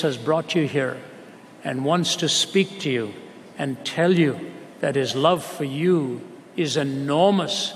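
A man's voice: on the high side, slight background noise. A man delivering a sermon to an audience, telling a story and then building to emphatic questions. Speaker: preacher. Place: large auditorium with audience. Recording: hall reverb, faint ambience.

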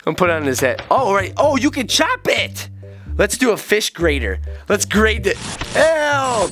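A middle-aged man hosting a kids' game video, joking excitedly and playfully as he plays alongside his child. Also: sits high, measured pace, faint music behind. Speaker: gaming channel host.

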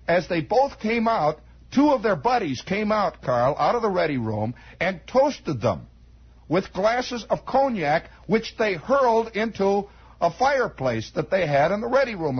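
An American radio host in his forties with a high, raspy voice spins a meandering improvised monologue in a radio studio. He's wry and full of asides, and the sound is a dull, lo-fi 1960s broadcast recording.

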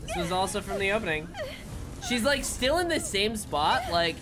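A man's voice: high-pitched, very animated, moderate pace, background noise. A young man casually commenting on his gameplay, joking and swearing freely. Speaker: let's play host. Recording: game music under the voice.

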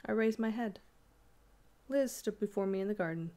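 A woman reading a classic ghost story aloud in a measured, even storytelling manner. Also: medium pitch. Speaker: audiobook reader.

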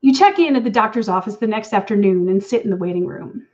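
A woman's voice: mid-range voice, lively intonation, fast, a little mellow, dull audio. A woman author reading her own story aloud in an intimate, wry second-person voice. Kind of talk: reading fiction aloud at an online event.

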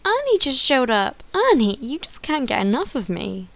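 A woman hosting a life-sim let's play, chatting excitedly, often gasping and squealing. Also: sits high, moderate pace, vocal fry. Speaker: gaming channel host.

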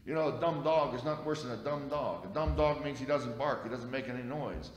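A man's voice: mid-range voice, brisk. A male pastor preaching a sermon in a folksy, conversational way, dropping in frequent amens. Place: church sanctuary. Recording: echoey church hall.

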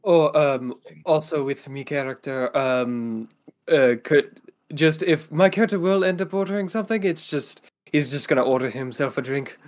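A man's voice: on the high side, normal speed. Hesitant man playing a tabletop game. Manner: hesitant, full of fillers, slips into accents. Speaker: player. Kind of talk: casual tabletop play.

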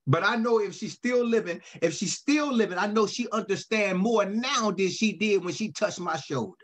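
A man with a notably high voice delivers a sermon as a pastor. He tells his stories emphatically, circling back on phrases, and his speech stays casual and down-to-earth. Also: moderate pace. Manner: repetitive, emphatic storytelling preaching with casual dialect.

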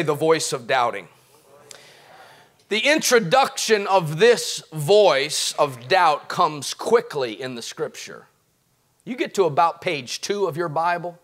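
A middle-aged male pastor preaching a sermon, swinging from quiet talk to impassioned shouts. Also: fairly high pitch.

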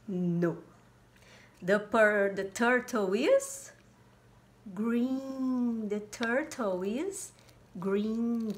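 Woman, kids' English teacher, very slow, bouncy sing-song pitch. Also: a bit bright. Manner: slow, sing-song, repeats words, makes animal sounds. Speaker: English teacher for young children. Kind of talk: slow, simple classroom lesson for small kids.

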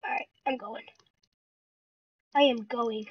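A gaming channel host giving live commentary on their own match, excitable and talking to themselves while playing. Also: mid-range voice, unhurried, dry recording, muffled recording.

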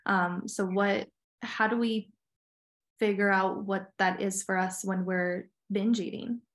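A woman's voice: medium pitch, fairly even intonation, slow pace. Thoughtful woman podcast host. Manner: thoughtful, hesitant with fillers. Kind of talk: casual interview talk.

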